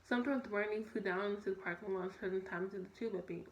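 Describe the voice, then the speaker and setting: A woman's voice: mid-range voice, fairly even intonation, fast talker, lo-fi sound. A young woman reads a children's story aloud, tripping over words and correcting herself as she goes. The room is echoey, with a faint noise behind her voice. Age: young adult. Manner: stumbling, self-correcting read. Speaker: student reader.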